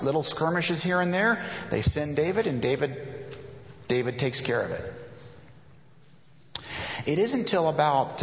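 A man preaching a conversational sermon, retelling Bible stories and acting out the characters' lines. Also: mid-range voice. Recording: echoey hall, dull lo-fi sound.

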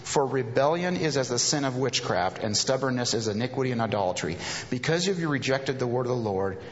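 A man's voice: medium pitch, animated, fairly quick. A man preaching a sermon, reading scripture aloud and breaking off to explain and paraphrase it. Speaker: pastor. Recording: reverberant hall, dull lo-fi sound.

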